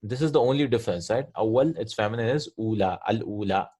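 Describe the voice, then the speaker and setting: Husky man teaching Arabic grammar. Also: lowish voice, fast talker, warm tone. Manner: repeats "right?" often, checks understanding. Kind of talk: explaining a textbook lesson.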